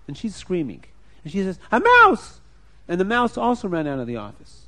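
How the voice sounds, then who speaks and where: A man telling a moral story to children, animated, acting out scenes and putting questions to his listeners. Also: high voice, fast talker.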